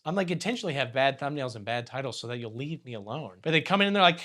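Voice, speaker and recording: A young man hosts a jokey movie recap with sarcastic asides. His pitch leaps around as he slips into silly voices for the characters. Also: expressive, fast, few pauses, a bit bright. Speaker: YouTube host.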